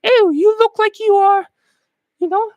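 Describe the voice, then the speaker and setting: A man's voice: very high-pitched, fairly even intonation, a little slow, a little mellow, dry recording, muffled recording, voice pushed up. A man putting on a mocking voice for a smug male British pickup artist, prissy and sing-song.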